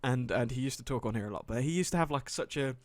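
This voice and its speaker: A man's voice: animated, very fast, dry recording. A British man co-hosting a casual gaming podcast, telling a story in a rambling way with fillers, restarts and frequent laughter. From Britain. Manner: laughs often, jumps high when quoting. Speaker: podcast co-host. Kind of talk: casual chat.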